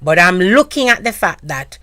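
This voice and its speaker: A Jamaican woman in casual discussion, animated and slipping into patois phrasing as she makes her points. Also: fairly low pitch, moderate pace, dry recording. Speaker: guest.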